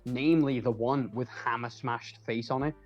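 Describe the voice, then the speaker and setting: A young man with a Scouse accent, telling a story in casual chat on a stream. He tells it with animated energy, swears freely and laughs often. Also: medium pitch, moderate pace, highs cut off, soft background music. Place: home.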